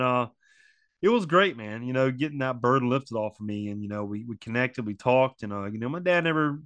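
A man's voice: medium pitch, fairly bright tone, no room sound. A grieving man in his forties talking earnestly about loss, repeating phrases and using many fillers. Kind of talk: emotional personal reflection on loss.

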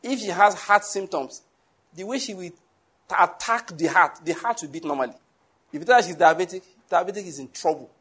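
A man preaches to his congregation, laughing often and tossing questions at the listeners. His voice sits a little high and sounds husky. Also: expressive, fairly quick, fairly bright tone. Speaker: pastor. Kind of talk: sermon.

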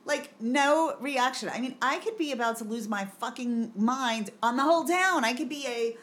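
A middle-aged woman co-hosting a podcast in casual chat, an animated storyteller who swears freely and laughs often. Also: a little high, moderate pace. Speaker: podcast co-host.

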